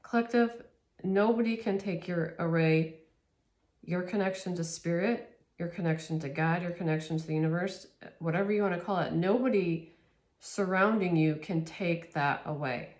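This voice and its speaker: A woman's voice: lowish voice, moderate pace, a little mellow. A woman giving a spiritual tarot reading to camera, earnest and emotional, laughing often and rambling with restarts. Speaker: tarot reader.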